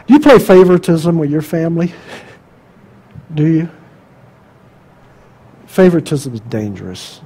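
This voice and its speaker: High-voiced preacher asking pointed questions. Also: male voice, very animated, measured pace, long pauses, breathy edge, low-quality recording. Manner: emphatic, rhetorical questions, swings between loud and quiet. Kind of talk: sermon.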